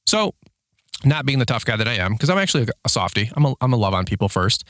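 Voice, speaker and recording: A man in his thirties who owns a lawn care business, telling a rambling story in a casual vlog, full of "like" and "dude", acting out shouted quotes in a higher voice. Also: big pitch swings, fast talker, dry recording, studio quality. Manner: heavy use of filler words like "like" and "dude".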